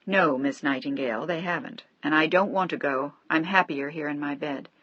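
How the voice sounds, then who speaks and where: Give me a woman playing a frail old bedridden husband, soft, weary and tender, low voice. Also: normal speed, no room sound, highs cut off.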